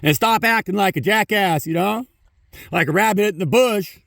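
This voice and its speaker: A man's voice: high-pitched, normal speed, creaky, fairly bright tone, no echo, clean studio sound, distant mic. A man giving a casual spiritual talk on his phone, rambling, swearing freely and saying "you know" often. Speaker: spiritual vlogger.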